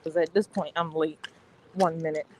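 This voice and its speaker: A woman's voice: low voice, steady tone, normal speed, darkish tone, rough recording. A young woman vlogging from her parked car, talking to viewers in a flustered, chatty way and swearing often. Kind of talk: casual vlog talking to viewers. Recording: noticeable background noise.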